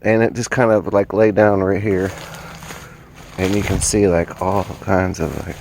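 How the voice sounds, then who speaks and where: A man's voice: sits low, little pitch movement, measured pace, vocal fry, darkish tone, a little hiss or hum. A man vlogging while walking through the woods, rambling and musing as he points things out. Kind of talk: casual outdoor vlog. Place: woods outdoors.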